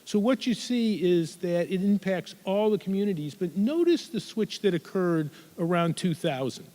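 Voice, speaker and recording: A man's voice: high voice, lively intonation, normal speed, warm tone. A middle-aged man, a physician, giving a keynote talk at a conference, earnest and building his points with statistics.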